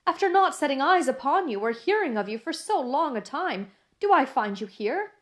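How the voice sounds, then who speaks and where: A woman's voice: high-pitched, sing-song, moderate pace, pitched above the performer's own voice. A woman doing a tearful, pleading Englishwoman. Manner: emotional, pleading cries. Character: tearful, devoted older Englishwoman.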